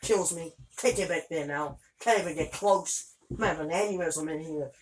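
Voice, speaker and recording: A woman doing let's play commentary, exasperated and swearing, with loud outbursts. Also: low-pitched, normal speed, low-quality recording. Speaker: gameplay video creator.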